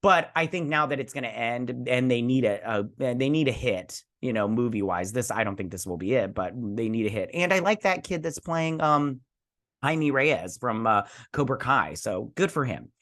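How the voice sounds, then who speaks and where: A chatty man hosts a casual reaction commentary. He reads an article aloud and keeps breaking off into rambling asides. His voice sits at an ordinary middle pitch for a man. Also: expressive, normal speed, fairly bright tone. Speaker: host.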